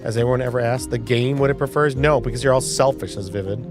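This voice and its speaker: A man's voice: medium pitch, fast, over music. A man in his forties hosting a live stream, playfully reacting to viewer comments in casual chat. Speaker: livestream host.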